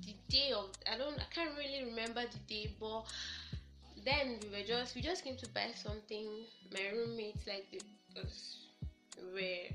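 Animated Nigerian young woman, bright tone. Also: fairly high pitch. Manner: animated storytelling, laughs often. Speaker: podcast guest. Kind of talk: casual podcast chat. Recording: echoey room with faint music.

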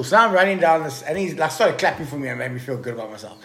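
A man's voice: fairly high pitch, rapid-fire, few pauses. A man telling a story casually to a podcast host, swearing freely and calling him bro. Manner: profane, excitable storyteller addressing the listener as bro. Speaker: podcast guest.

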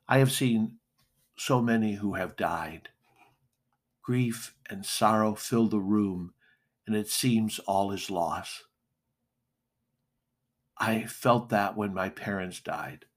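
A middle-aged male pastor preaching a sermon, slow and deliberate with emphatic pauses. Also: on the low side.

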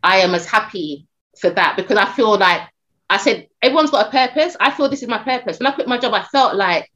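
A middle-aged woman talks on a podcast in an animated, storytelling way. She restarts her sentences often and keeps a casual, lively flow. Her voice sits at an ordinary middle pitch. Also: fairly quick, muffled recording. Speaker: talent agent and podcast guest.

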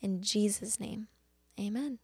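A woman hosting a faith devotional talk, speaking earnestly and haltingly with many restarts. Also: medium pitch, slightly rough, no room sound. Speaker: podcast host.

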